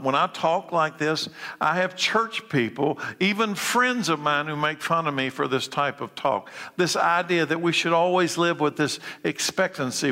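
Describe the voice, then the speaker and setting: A man preaching a sermon as pastor, swinging between urgent emphatic calls and low, quiet lines. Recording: long reverb of a large hall.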